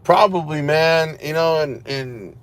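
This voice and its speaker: Speaking slowly in a voice on the high side, a weary man vlogs from inside his parked car. He is a cop-watch vlogger giving his viewers a rambling, casual running commentary laced with sarcastic asides.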